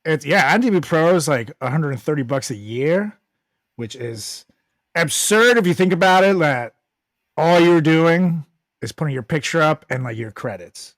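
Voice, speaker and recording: A man's voice: on the high side, expressive, moderate pace, no room sound, clean studio sound. A man co-hosting a podcast in casual chat, sweaty after boxing, swearing often and laughing a lot. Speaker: podcast co-host.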